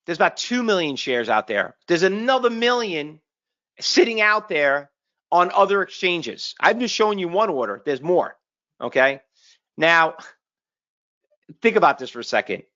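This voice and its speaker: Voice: mid-range voice, sharp tone. Punchy webinar trading presenter, dull lo-fi sound. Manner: punchy, street-smart, full of rhetorical questions and tag "okay?". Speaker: trading educator presenting at an online conference. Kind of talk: live webinar presentation walking through charts.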